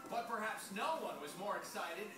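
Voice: mid-range voice, lively intonation, normal speed, music in the background. A radio host narrating a TV feature in an upbeat, playful way. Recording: distant echoey TV audio.

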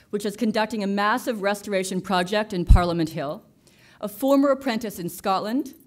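A woman moderating a conference, introducing a keynote speaker in a friendly, slightly flustered way. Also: mid-range voice.

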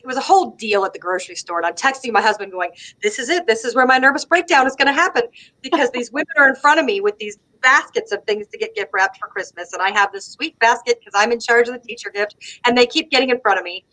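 A middle-aged woman from the United States with a Southern American accent, telling lively stories as a guest and laughing often. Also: medium pitch, fast talker, few pauses, low-quality recording. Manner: animated storyteller, laughs often. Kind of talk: casual conversation on a live stream.

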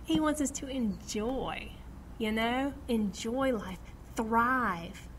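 A woman's voice: on the high side, slow, a little hiss or hum. A middle-aged woman teaching a Bible study to a small group, reading scripture aloud and acting out quotes with laughter. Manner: animated, acts out quotes, laughs often, reads scripture aloud.

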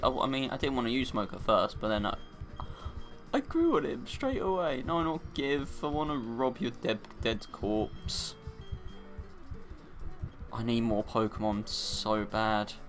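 A young man giving casual gameplay commentary, excitable and crying out in high-pitched dismay when things go wrong. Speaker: let's play gamer.

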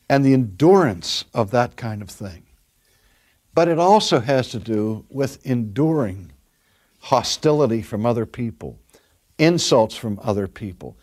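An older man, a pastor, preaching a sermon and telling stories, dropping his voice soft and then pushing it strong for emphasis. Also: mid-range voice. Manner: storytelling, varies loudness from soft to emphatic.

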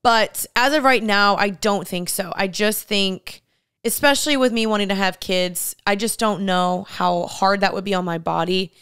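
A young woman co-hosting a casual podcast, giving earnest, heartfelt advice in a rapid flow of talk. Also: medium pitch, fairly bright tone, clean tone, no room sound, studio quality. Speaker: podcast co-host. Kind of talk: casual chat.

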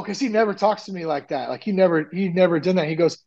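A man talking candidly as a podcast guest, rambling with lots of fillers and lively retellings. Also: high voice, quick pace, gravelly, hardly any pauses, highs cut off. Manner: rambling, frequent "like" and "you know", animated retellings. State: nearly ten years sober. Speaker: podcast guest, recovery coach. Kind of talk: candid conversational storytelling.

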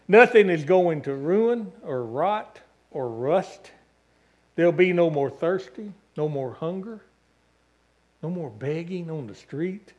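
A man's voice: on the high side, animated, slow pace, a little mellow, lo-fi sound. A man, a pastor preaching a sermon in church, building emphatic lists and calling for amens. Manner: emphatic preaching with long repeated lists and calls for amen. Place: church sanctuary.

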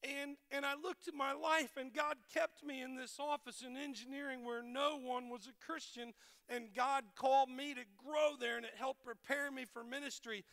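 A middle-aged man, a pastor, preaching a sermon with animated storytelling and playful self-deprecating humor. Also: very high-pitched, moderate pace, gravelly, clear, resonant tone, long reverb tail. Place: large church hall.

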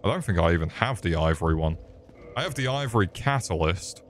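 A man's voice: deep voice, expressive, brisk, slight background noise. A young man streaming a game, with crude jokes and chatter aimed at his chat. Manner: crude joking banter with chat. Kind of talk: casual gameplay commentary. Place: home room. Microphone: desk microphone.

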